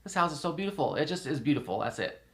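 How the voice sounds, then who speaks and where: A man's voice: on the high side, sing-song, fast, gravelly, fairly bright tone. A man talking casually and rambling at home, repeating himself and laughing often. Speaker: podcast host. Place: indoors in a house.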